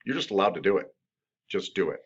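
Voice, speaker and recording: A man's voice: sits low, lively intonation, fast talker, husky. A man teaching a massage therapy class in a casual, joking, conversational lecture. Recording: dull lo-fi lecture recording.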